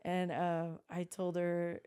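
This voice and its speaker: Mellow-voiced woman chatting on a podcast. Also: on the low side, monotone, takes it slowly, smooth. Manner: chatty storyteller, frequent fillers and restarts. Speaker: podcast co-host. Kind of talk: casual chat.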